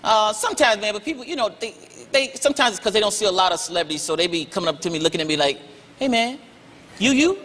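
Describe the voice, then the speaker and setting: A comedian from Georgia, telling stand-up and interview stories and jumping into high voices for the people he quotes. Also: sing-song, a little fast, pauses often, in a large hall, very noisy.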